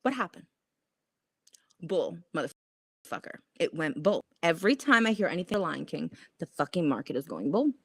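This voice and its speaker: A woman with a lowish, slightly breathy voice talks quickly with few pauses as she hosts a casual stock trading stream and reads viewer comments. She's animated, profane, and self-mocking, laughing often, recorded in clean studio sound with no echo.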